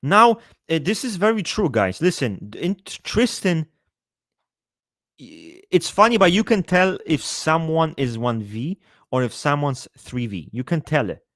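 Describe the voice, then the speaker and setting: A man chatting casually on a live stream, answering his chat in a profane, rambling, animated way. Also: on the high side, a little slow, no room sound, clean studio sound.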